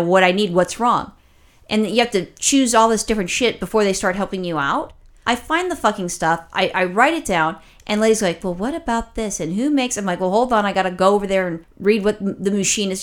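Woman co-host, casual chat. Profane, exasperated storyteller, rambling and animated. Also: medium pitch. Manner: animated, rapid rambling with restarts. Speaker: podcast co-host.

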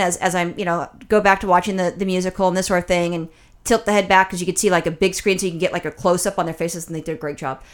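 A middle-aged woman, chatty and profane, telling stories in a casual chat as a podcast host. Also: fairly low pitch. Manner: chatty, profane storytelling with mimicry.

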